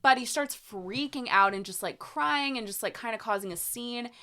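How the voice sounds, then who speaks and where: Young woman podcast co-host, bright tone, chatty recapper who hedges a lot. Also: fairly high pitch, moderate pace. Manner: retells scenes, acting out quoted lines, hedging. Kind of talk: casual chat.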